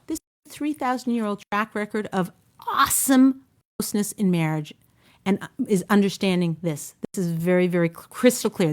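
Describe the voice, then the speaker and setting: A woman hosting a talk show, giving casual marriage advice in an animated way, often restarting her sentences. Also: mid-range voice. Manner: animated, acts out wives' voices, frequent restarts. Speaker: relationship coach and show host.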